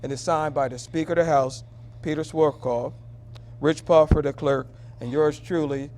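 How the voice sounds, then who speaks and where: A man hosting a local talk show, presenting an award and backing his guest with steady affirmations. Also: fairly high pitch, normal speed, slight background noise. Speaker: host.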